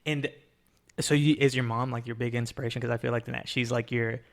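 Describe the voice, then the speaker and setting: A man's voice: medium pitch, fairly even intonation, brisk. A man hosting a podcast in casual chat, rambling with many fillers and restarts. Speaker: podcast host.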